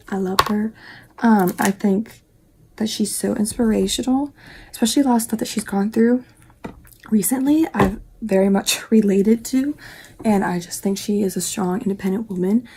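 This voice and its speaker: A woman's voice: mid-range voice, mellow, a little hiss or hum. A young woman from West Virginia chatting casually through a makeup tutorial, rambling and dropping into whispered asides. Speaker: beauty vlogger.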